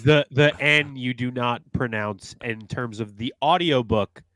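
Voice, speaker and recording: A man's voice: medium pitch, measured pace, a bit bright, dry recording. A man in a casual live stream chat, laid-back with dry humor.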